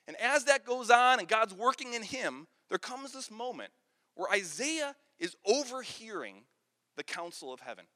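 Very high and sing-song, pushed and bright, this pastor's voice moves at a moderate pace as he tells sermon stories with earnest repetition when he warms up. Long reverb fills the large hall where an audience listens.

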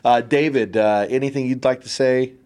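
A man's voice: mid-range voice, fairly even intonation, normal speed, darkish tone. A man hosting a podcast, chatting casually and enthusiastically, repeating words and calling his guest brother. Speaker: podcast host. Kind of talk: casual interview chat.

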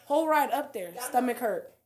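A young woman co-hosting a podcast, chatting casually and telling a profane, animated story. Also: fairly high pitch, normal speed, a crowd in the background. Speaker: podcast co-host. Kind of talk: crude casual chat, comic storytelling.

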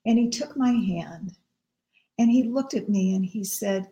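A woman's voice: medium pitch, a little slow, mellow. A woman minister and show host telling a personal story in a tender, earnest way. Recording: roomy echo.

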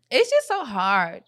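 A woman with an Atlanta accent, co-hosting a casual chat, blunt and profane, animated and often laughing. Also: fairly high pitch, slightly rough.

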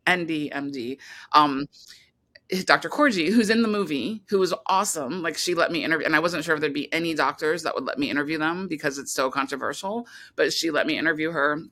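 A woman's voice: low voice, brisk, fairly bright tone. A woman filmmaker talking casually as an interview guest, rambling with many restarts and fillers.

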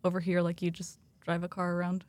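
A woman's voice: fairly low pitch, monotone, brisk, a little mellow, dry recording. A young woman, a student of German, talking casually on a student panel, chatty and sprinkling in "like.". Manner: chatty, laughs between points, many "like" fillers.

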